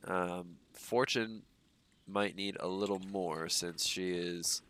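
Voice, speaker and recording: Here the stuffy-nosed young streamer takes it slowly, his low-pitched voice carrying a little hiss or hum in the background. He rambles in a relaxed way with frequent ums and uhs as he comments on the game he's playing.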